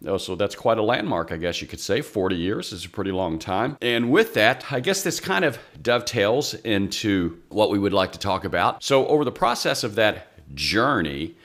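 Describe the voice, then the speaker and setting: A man's voice: lowish voice, lively intonation, moderate pace, hardly any pauses, a bit bright. A man, chatting casually and wryly about guitar playing on his own channel. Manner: chatty, self-deprecating, wry. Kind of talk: casual rambling vlog.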